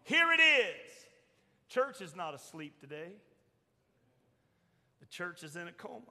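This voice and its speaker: A man preaching a sermon as pastor, emphatic, shouting at high points and dropping soft for quoted asides. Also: big pitch swings, unhurried. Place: church sanctuary. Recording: long church reverb.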